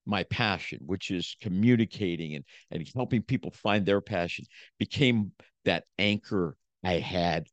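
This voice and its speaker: A man's voice: low voice, a little slow, no echo, lo-fi sound. A man who is a motivational speaker and preacher, telling his story in a casual podcast interview with emphatic, repetitive phrasing.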